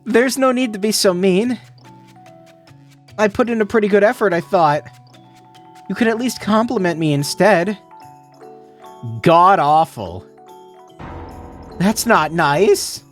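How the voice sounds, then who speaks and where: A man's voice: high-pitched, takes it slowly, pauses often, soft background music, voice pushed up. A man voicing an earnest, polite young foreign woman traveler as he reads a visual novel aloud. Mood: hurt, pleading. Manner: gentle, careful, overly polite.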